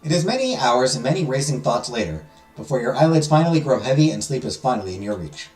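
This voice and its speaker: A man's voice: medium pitch, very animated, quick pace, darkish tone. A man hosting a let's play, reading a visual novel aloud with dramatic storytelling and joking asides. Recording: roomy echo with music behind.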